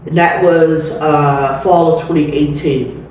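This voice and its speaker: Middle-aged woman, interview guest, candid and lively, laughs easily; distant mic in a roomy space. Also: sits low, takes it slowly. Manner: animated, candid, laughs often. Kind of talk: personal storytelling. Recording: very echoey room, distant mic, faint noise.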